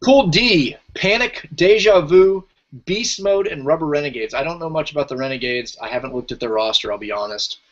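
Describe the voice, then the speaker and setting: A man's voice: a little high, fairly quick. Podcast host, man, chatty, reads out team lists, dull lo-fi audio. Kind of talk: casual podcast chat.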